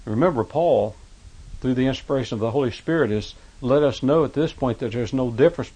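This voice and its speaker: A man's voice: brisk, mellow, breathy edge. Man preaching a Bible sermon. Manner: reads scripture aloud in King James wording, then explains it; rises in pitch and force on quoted verses.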